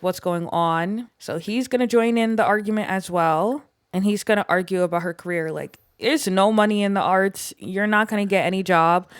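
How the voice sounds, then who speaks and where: A woman's voice: medium pitch, clear, resonant tone, no echo, clean studio sound. A young woman giving casual gameplay commentary, chatting in a filler-heavy way and voicing what the game characters might be thinking. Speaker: gaming YouTuber.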